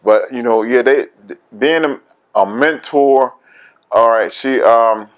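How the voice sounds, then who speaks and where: A man's voice: medium pitch, slow pace. Laughing man telling his story. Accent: Philadelphia. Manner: candid storytelling, laughs often. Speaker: veteran interviewee. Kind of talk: oral history interview.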